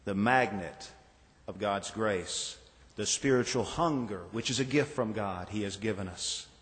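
A man preaching a sermon as pastor, earnest and rhetorical, slowing down for emphasis in a church sanctuary. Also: fairly low pitch, fairly bright tone. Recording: reverberant hall.

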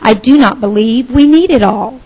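A woman doing a brisk, practical cottage wife. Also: on the high side, mellow, rough recording. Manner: brisk, no-nonsense.

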